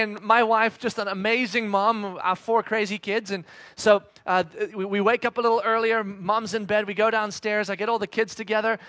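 A man in his thirties giving a conversational sermon as a pastor, an animated storyteller who acts out the voices of his family. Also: high voice, no echo.

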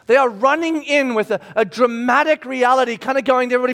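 A married man preaching a sermon as a pastor, animated and emphatic, acting out scenes with sudden shouts. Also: very high voice, fast talker, hardly any pauses. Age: adult, married with children.

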